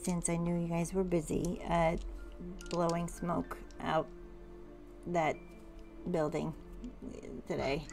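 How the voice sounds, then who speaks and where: A woman's voice: on the low side, flat delivery, slow pace, gravelly, long pauses, darkish tone, faint music behind. A woman voicing a casual young woman in a tabletop role-play, talking with many hesitations. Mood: breezy. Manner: casual, hesitant, filler-heavy.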